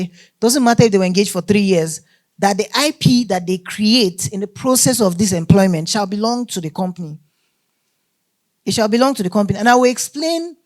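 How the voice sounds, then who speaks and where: A woman teaching a workshop on law, emphatic and often checking that listeners follow. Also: medium pitch. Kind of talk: lecture to a live group.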